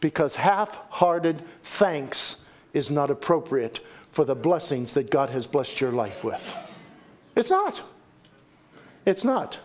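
A middle-aged man preaching a sermon as pastor, animated and folksy, with joking asides and repeated phrases. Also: mid-range voice, slow.

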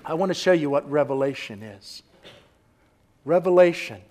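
Male pastor, sermon, high voice, emphatic, loud peaks and hushed asides, calls for responses. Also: animated, normal speed. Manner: emphatic, rising to forceful exclamations and dropping to soft asides.

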